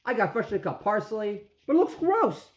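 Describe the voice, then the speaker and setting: A man's voice: sits high, sing-song, normal speed, slight background noise. A man in his forties ranting comically and self-mockingly about his food, with many fillers. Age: 40s. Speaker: vlogger dad. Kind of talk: comic rambling rant. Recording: echoey room, dull lo-fi sound.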